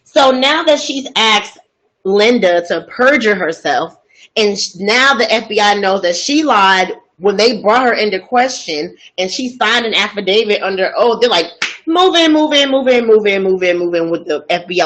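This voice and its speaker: A woman host telling a story in a casual, gossipy way, chatty and expressive, asking many rhetorical questions. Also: mid-range voice, normal speed, low-quality recording.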